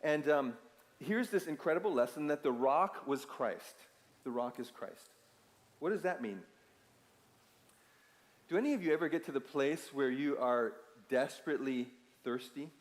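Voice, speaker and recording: A man's voice: mid-range voice, lively intonation, moderate pace, pauses often, in a large hall. A man preaching a sermon in a conversational way, asking the congregation questions and raising his voice for emphasis. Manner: conversational, asks the audience questions, emphatic bursts. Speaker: pastor. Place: church sanctuary.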